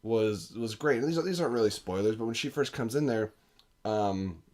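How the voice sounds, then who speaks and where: A man's voice: lively intonation, moderate pace, a little mellow. A young man co-hosting a casual movie podcast, talking enthusiastically and acting out scenes with sudden leaps in his voice. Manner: enthusiastic, acts out quotes with big pitch jumps. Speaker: podcast co-host. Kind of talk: casual movie review chat.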